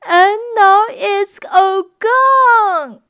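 A woman voicing a wailing little boy bear cub in a storybook reading, high and drawn out. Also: extremely slow, sharp tone, no room sound, clean studio sound, heavily acted.

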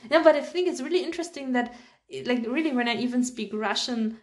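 A woman's voice: a little high, a little fast, roomy sound. A young woman from Germany with a German accent, chatting casually as a podcast co-host and laughing often. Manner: easy-going, laughs often, fillers like "like". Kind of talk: casual chat.

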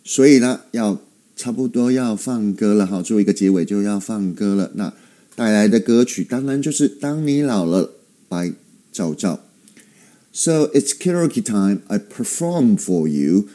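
A man hosting a casual language lesson, explaining slowly and deliberately with playful asides. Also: fairly low pitch, animated, mellow. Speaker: host teaching basic Chinese.

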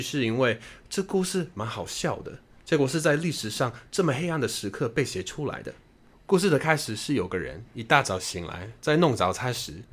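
A man with a husky voice retells a story for listeners learning a language, in a relaxed, conversational way. His voice is of middle pitch for a man and moves lively up and down.

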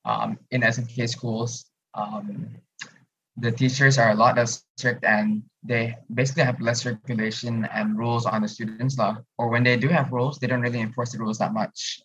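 A man, a student in a casual podcast discussion, thoughtful and pausing often with "um". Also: medium pitch, level tone, a bit bright, highs cut off, a little hiss or hum. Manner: thoughtful, many "um" pauses.

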